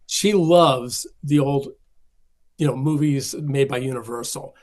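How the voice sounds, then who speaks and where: A man's voice: mid-range voice, unhurried, darkish tone. A man, a film collector being interviewed, telling stories and acting out the voices of the people he quotes. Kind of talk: conversational storytelling.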